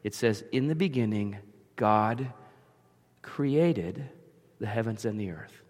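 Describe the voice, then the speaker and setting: A man's voice: fairly low pitch, animated, takes it slowly, a little mellow. A man preaching an earnest sermon, paraphrasing scripture as heartfelt prayer and telling everyday stories. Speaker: pastor. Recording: long hall reverb.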